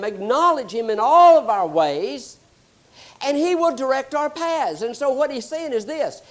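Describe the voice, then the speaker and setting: Male pastor preaching, lively storytelling voice, pitch swinging up and down a lot. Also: unhurried. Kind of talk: sermon.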